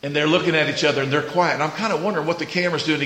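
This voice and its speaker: A man preaching a sermon as pastor, moving from quiet storytelling to loud shouted exclamations. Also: a little high, fairly even intonation, rapid-fire, a little hiss or hum. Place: church sanctuary. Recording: echoey church room.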